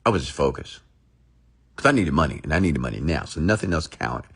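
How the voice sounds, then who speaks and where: A man's voice: rumbling low, sing-song, a little fast, vocal fry, a bit bright, husky. A man telling a motivational story in a rambling, emphatic, repetitive way. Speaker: motivational speaker.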